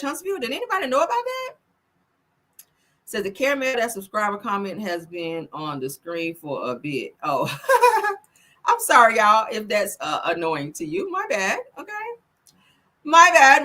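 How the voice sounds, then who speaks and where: A woman's voice: medium pitch, bright, forceful tone. A woman hosting a casual celebrity gossip livestream, sassy and profane, laughing often and talking straight to her viewers.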